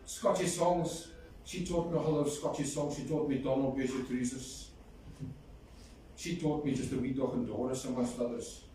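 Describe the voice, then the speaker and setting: Speaking at normal speed with a dark, medium-pitched voice and fairly even intonation, a man shares fond stories in a eulogy and sings a folk song. It's a funeral in a large echoing hall, recorded far off with slight noise.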